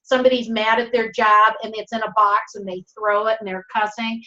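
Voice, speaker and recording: Host: upbeat high-pitched woman with a Minnesotan accent, chatty and rambling, muffled video-call audio. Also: flat delivery, a little fast, pushed and bright. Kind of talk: casual live-stream chat.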